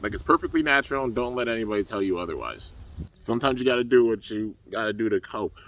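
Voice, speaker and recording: A man's voice: on the low side, big pitch swings, quick pace, fairly bright tone, far from the mic. A young man casually recapping a cartoon episode for his channel, rambling with lots of fillers. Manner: laid-back, rambling, full of fillers. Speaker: YouTube reviewer.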